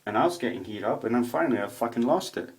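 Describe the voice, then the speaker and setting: A man in a casual, rambling video monologue, swearing a lot as he tells stories in an animated way. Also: mid-range voice, fast talker. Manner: profane, rambling, animated storytelling. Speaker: vlogger. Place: home room with a roommate nearby.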